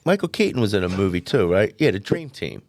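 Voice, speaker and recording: A man's voice: on the low side, very animated, fast, darkish tone, no room sound, clean studio sound. A man co-hosting a podcast, teasing the others with joking banter. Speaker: podcast co-host. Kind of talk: casual chat.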